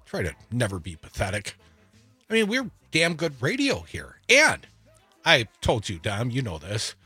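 A man's voice: medium pitch, huge pitch swings, measured pace, pushed and bright, husky, no echo, faint music behind. A man co-hosting a talk radio show, sarcastic and emphatic, taking calls and ranting about politics. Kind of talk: opinionated talk radio banter. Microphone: studio microphone.

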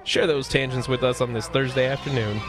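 A man hosting a talk radio show, speaking in a relaxed way with a few uhs. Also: mid-range voice, brisk, music in the background.

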